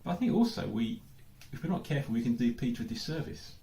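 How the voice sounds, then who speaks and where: A man's voice: medium pitch, animated, quick pace, vocal fry, warm tone. An English man giving a sermon as pastor, thinking aloud with lots of questions and repeated "I don't know"s. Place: church hall. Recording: echoey church hall.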